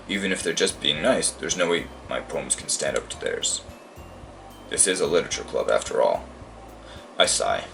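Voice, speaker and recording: A man's voice: a bass voice, vocal fry, distant mic. A tired, worn-out man hosting a let's play, rambling casually between reading game lines aloud. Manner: rambling, lots of fillers.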